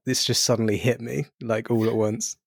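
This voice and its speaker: A man hosting a casual podcast interview, speaking slowly and thoughtfully, with hesitant phrasing. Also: mid-range voice, little pitch movement, vocal fry, breathy edge, dry recording, clean studio sound. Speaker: podcast host.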